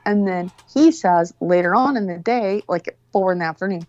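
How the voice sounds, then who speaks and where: Woman, low voice, casual profane storyteller, dull dry lo-fi sound. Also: a little fast, a little mellow, no room sound. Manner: rambling, profane, exasperated.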